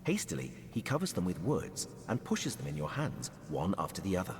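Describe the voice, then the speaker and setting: A lively storybook game tale. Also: male voice, low-pitched, a little fast, heavily acted. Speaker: game narrator. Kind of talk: storybook narration. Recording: game audio with long reverb, faint noise.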